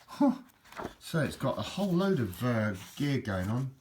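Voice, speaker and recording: A man's voice: mid-range voice, sing-song, moderate pace, darkish tone. A man chatting casually while leafing through an old repair book, rambling and restarting his sentences. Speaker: book reviewer. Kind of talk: casual chat. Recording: noisy home recording.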